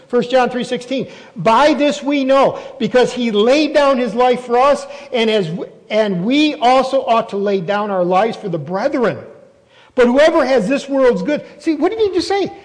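High-voiced preacher in a reverberant hall. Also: male voice, expressive, moderate pace. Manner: emphatic, asks the congregation questions. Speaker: pastor. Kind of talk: sermon.

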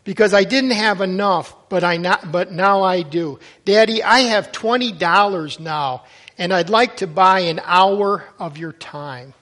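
A man's voice: high voice, unhurried, sharp tone. A man playing an earnest five-year-old boy, quoted in a story within a sermon. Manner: earnest, pleading.

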